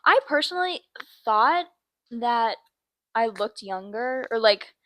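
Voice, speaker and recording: A woman's voice: on the high side, expressive, takes it slowly, a bit bright, dry recording, poor audio. Playful young woman co-host. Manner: playful, teasing, laughs often. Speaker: podcast co-host. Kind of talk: casual chat.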